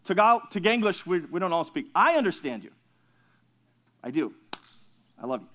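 Male pastor with a high voice, teaching scripture conversationally, quizzes and teases the class. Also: big pitch swings, normal speed, pushed and bright. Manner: conversational, asks the class questions, jokes with listeners. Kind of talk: teaching sermon.

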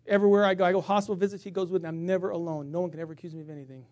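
A middle-aged male pastor preaching a sermon, swinging from hushed tones to shouting and acting out funny stories. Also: sits high, fairly even intonation, rapid-fire, dull audio. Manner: acts out funny stories with voices.

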